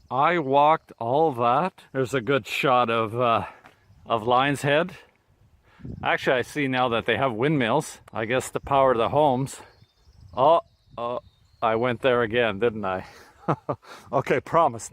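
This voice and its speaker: A hiker vlogger talks easily to the handheld camera he carries along a trail by a lake, his Canadian accent clear in a mid-range voice. He's chatty and laughs a lot, and there's no room sound.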